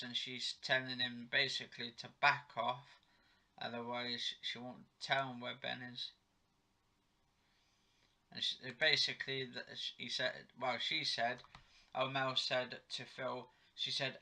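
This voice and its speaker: A man recaps a soap episode from home in a rambling, casual way, often stopping to correct himself. His voice is very bright and sits at a middle pitch. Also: little pitch movement, unhurried, gravelly. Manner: rambling, chatty, self-correcting. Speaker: TV episode reviewer. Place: home living room.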